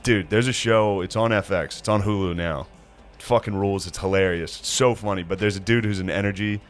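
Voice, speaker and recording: A man's voice: sits low, steady tone, quick pace, smooth, soft background music. A man co-hosting a podcast, bantering in a casual chat with crude, teasing quips. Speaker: podcast co-host.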